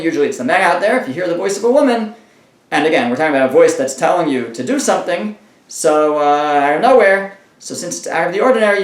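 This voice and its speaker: A man's voice: high-pitched, echoey room. A man teaching a daily Talmud page. He reads each phrase aloud, then translates and explains it, often restarting his sentences.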